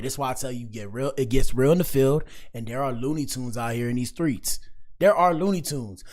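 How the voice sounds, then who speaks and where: A man with an everyday mid-range voice talks through clips in a loose, slangy commentary. He breaks in often with exclamations and quick asides to his viewers. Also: medium pitch, darkish tone. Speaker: host reacting to clips. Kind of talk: casual commentary.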